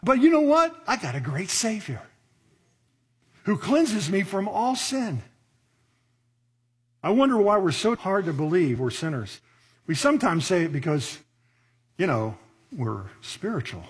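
Husky-voiced man preaching conversationally. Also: high-pitched, big pitch swings. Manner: conversational preaching, rhetorical questions, slows for emphasis. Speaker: pastor. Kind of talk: sermon.

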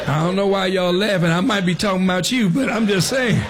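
A man's voice: high voice, a little fast, gravelly, hardly any pauses. A man, preaching a sermon with a rising, emphatic cadence. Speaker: pastor.

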